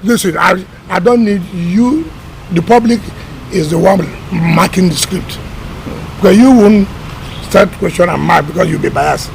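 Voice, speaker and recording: Man, middle-aged, high-pitched, gravelly, emphatic, repeats himself. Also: unhurried, a little hiss or hum, poor audio. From Nigeria. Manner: emphatic, combative, repeats words. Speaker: government minister. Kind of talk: press interview.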